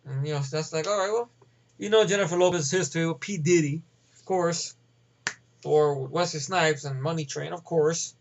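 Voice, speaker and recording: A man's voice: a little high, normal speed, gravelly, dull audio. A man ranting casually about a movie, rambling and swearing with many fillers. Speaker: movie reviewer.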